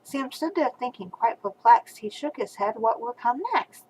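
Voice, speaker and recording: An older woman, a grandmother, reading a rhyming picture book aloud to a small child over a webcam, with soft asides between verses. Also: a little high, normal speed, slight background noise, low-quality recording.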